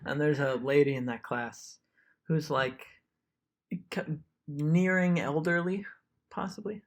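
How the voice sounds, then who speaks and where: A man's voice: on the high side, fairly even intonation, takes it slowly. A young man co-hosting a podcast, telling rambling stories in casual chat and laughing often. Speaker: podcast co-host.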